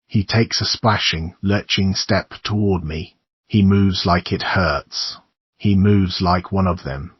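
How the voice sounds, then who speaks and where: A man reading a horror audiobook in a measured, somber narration. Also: low voice, husky, no room sound, muffled recording.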